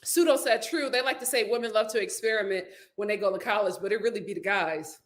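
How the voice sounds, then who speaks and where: A young woman hosting a casual live stream, reading viewer comments aloud and chatting in an animated way with frequent laughter. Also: medium pitch, fast, few pauses.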